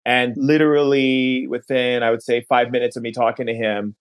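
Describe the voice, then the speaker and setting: This man, a podcast guest, tells a personal story earnestly and without hurry, frequently drawing out words as he goes. His voice is medium in pitch, smooth, and level in tone.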